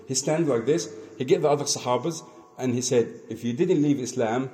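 A man preaching in English, telling a religious story in a conversational, halting way, acting out the dialogue. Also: mid-range voice, warm tone. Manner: conversational, halting, many restarts, acts out dialogue. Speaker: Islamic preacher. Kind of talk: storytelling sermon.

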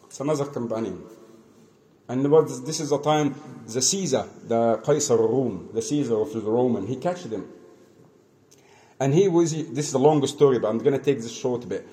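A man preaching in English, telling a religious story in a conversational, halting way, acting out the dialogue. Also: medium pitch, animated, mellow. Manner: conversational, halting, many restarts, acts out dialogue. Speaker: Islamic preacher. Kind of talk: storytelling sermon.

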